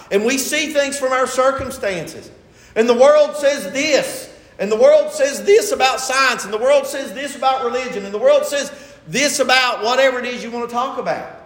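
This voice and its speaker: A high-voiced man preaches emphatically, pressing his listeners with rhetorical questions. His voice rings through a reverberant hall. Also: fairly bright tone. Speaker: pastor. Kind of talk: sermon. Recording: echoey hall.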